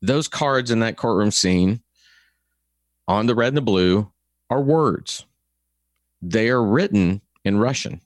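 A man with a Texan accent co-hosting a review podcast, talking in an animated, opinionated way and acting out little quotes. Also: on the low side, takes it slowly, pauses often, dry recording, clean studio sound. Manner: animated, rants with acted quotes. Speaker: podcast co-host. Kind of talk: casual review chat.

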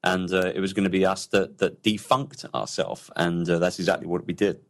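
A man's voice: deep voice, steady tone, a little fast. A man talking about his business as a guest in an interview, chatty and enthusiastic, often repeating words as he starts a sentence. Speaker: podcast guest, entrepreneur. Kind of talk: casual interview talk.

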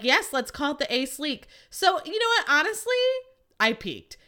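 A woman's voice: medium pitch, sharp tone. A young woman hosting a podcast, chatting casually, swearing freely and acting out what people said. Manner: chatty, swears freely, acts out quotes in a raised voice. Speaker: podcast host. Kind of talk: casual chat.

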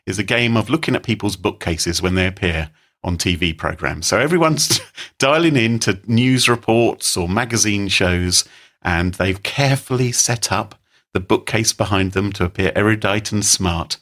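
A man's voice: lowish voice, moderate pace, a bit bright. A man co-hosting a podcast, chatting in an amused way with frequent laughing asides. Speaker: podcast co-host. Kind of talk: casual chat.

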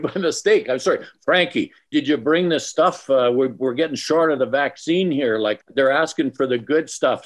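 A man improvising a comedy sketch in an easygoing tone. His delivery is smooth and unhurried, with a mid-range voice. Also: mid-range voice.

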